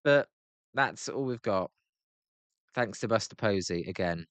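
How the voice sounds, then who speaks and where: A man's voice: fairly low pitch, expressive, unhurried, a bit bright, clear, resonant tone, no echo. A British man hosting a live stream, giving casual play-by-play reaction, chatty and grumbling, answering viewers by name.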